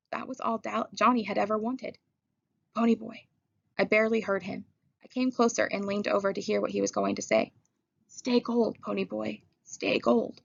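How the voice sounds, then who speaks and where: A woman narrates a novel in first person with a steady, measured delivery. Her mid-pitched voice has a slightly gravelly texture. The recording is dry and a little dull in tone. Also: no echo. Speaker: audiobook reader.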